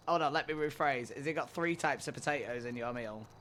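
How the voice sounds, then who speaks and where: A man streaming a roleplay game, chatting with his viewers in a relaxed, rambling way and swearing freely. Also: fairly high pitch, slight background noise. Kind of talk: casual chat with viewers during a roleplay stream.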